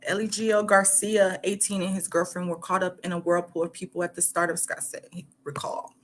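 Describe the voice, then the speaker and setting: A woman's voice: on the low side, level tone, a little hiss or hum. Chatty woman reading news aloud. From Michigan, United States. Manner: halting reading broken by chatty asides full of "like". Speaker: host. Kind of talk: casual commentary while reading a news article aloud.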